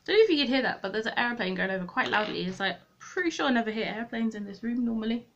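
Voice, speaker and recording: A woman's voice: a little high, lively intonation, fast, a bit bright, dull audio, slight background noise. A young woman chatting to viewers while she does her makeup at a desk at home, rambling and poking fun at herself. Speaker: beauty vlogger. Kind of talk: chatty get-ready-with-me vlog. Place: room at home, at a desk with a mirror.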